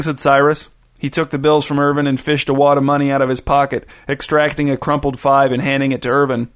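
A man's voice: mid-range voice, little pitch movement, brisk, hardly any pauses. A man reading a short story aloud, voicing the dialogue lightly. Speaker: narrator. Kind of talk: storybook narration.

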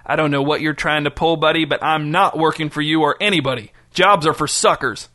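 A man's voice: a little high, fairly quick, bright, forceful tone. A man doing a wry, lazy old drifter. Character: dusty bearded male drifter, proud and lazy. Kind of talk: audiobook character voice.

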